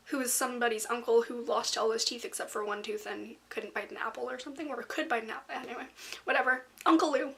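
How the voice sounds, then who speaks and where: A woman chatting casually in a book review vlog, rambling with lots of fillers and slipping into soft, whispery asides. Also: sits high, expressive, fairly quick.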